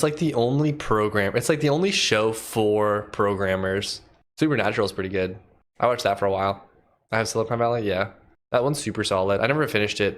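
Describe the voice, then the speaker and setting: Low-voiced man thinking aloud while coding. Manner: thinks aloud, chats with viewers. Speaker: livestreaming programmer. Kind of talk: casual livestream chat while coding.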